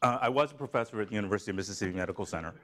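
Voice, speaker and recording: A man from Tennessee giving a seminar talk in a lively, joking way. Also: lowish voice, racing, noisy background. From Tennessee, USA. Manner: animated, joking, slips into a put-on Southern drawl for a gag. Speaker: seminar speaker. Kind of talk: lively academic lecture. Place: lecture room.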